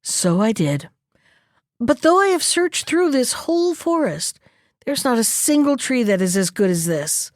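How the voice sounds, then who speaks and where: A woman putting on a crafty storybook fox, smooth and wheedling, pitched a little high and pushing his plea harder than plain telling, with a dry close sound. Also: big pitch swings, unhurried, no room sound. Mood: mock-sorry. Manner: smooth, wheedling, mock-regretful. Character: sly scheming male fox.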